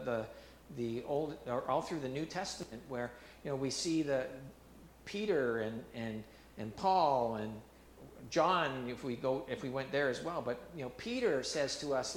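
A man preaching a sermon as pastor, animated and emphatic, repeating himself and restarting phrases as he drives his points home. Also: fairly high pitch, moderate pace, roomy sound, a little hiss or hum.

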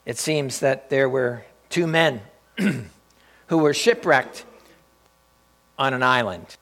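A man's voice: medium pitch, expressive, slow, a bit bright. A male pastor preaching a sermon in a storytelling way, often repeating and restarting his phrases. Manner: storytelling, with frequent restarts and repetition.

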